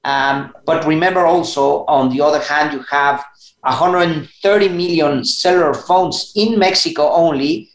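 A man with a somewhat high voice speaks as a guest on a panel, his words coming measured and a little halting. The sound echoes, as if from a bare room. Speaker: guest executive. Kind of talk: casual panel talk.

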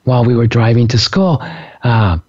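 Middle-aged male host, husky voice, lively storyteller, dull lo-fi sound. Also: medium pitch, moderate pace. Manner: animated, laughing storyteller. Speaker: podcast host, psychic and minister. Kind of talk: casual storytelling talk.

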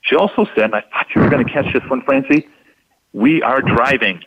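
Man, husky voice, instructive and emphatic, dry close sound, dull lo-fi radio audio. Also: medium pitch, big pitch swings, fast talker, no echo. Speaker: deception expert guest. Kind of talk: explanatory radio talk.

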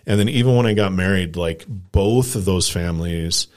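Man, 40s, from Colorado, very deep voice, casual podcast storytelling, rambling with lots of "like". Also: moderate pace, darkish tone. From Colorado, USA. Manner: rambling anecdote with lots of "like" and acted-out quotes. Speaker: podcast co-host.

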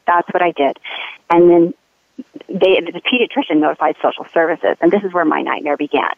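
Gravelly woman on a phone line. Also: lowish voice, fairly quick, dry recording. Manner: earnest, urgent storytelling. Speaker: mother telling her story. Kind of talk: personal testimony.

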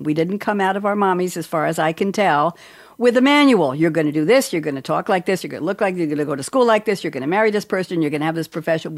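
A woman hosting a lively radio talk show, playful and jokey as she chats with guests. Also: fairly low pitch, no room sound, clean studio sound.

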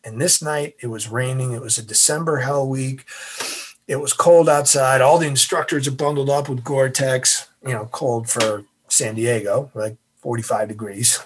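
A man's voice: medium pitch, fairly even intonation, normal speed, husky. A man, a former navy officer, telling a story as a guest in an interview, acting out the voices.

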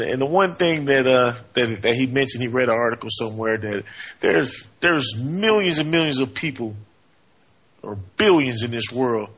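A man hosting a sports talk show, energetic, with lots of "hey, man" and "uh" between points. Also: mid-range voice, husky. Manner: energetic, frequent fillers and 'hey, man'.

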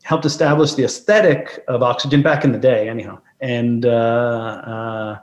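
Man guest, mid-pitched, reflective anecdotes, roomy echo. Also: steady tone, moderate pace, dull audio. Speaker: guest, photographer. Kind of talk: conversational interview storytelling.

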